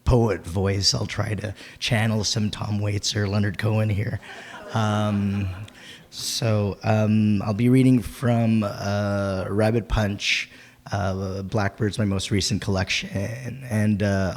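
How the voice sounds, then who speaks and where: A hoarse poet with a gravelly voice, pausing often between poems and reading them with more force at a festival event. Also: male voice, on the low side. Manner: halting and filler-heavy between poems, fuller and more forceful when reading. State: hoarse from a lost voice. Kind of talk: spoken word poetry reading at a festival. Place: winery event venue, live reading.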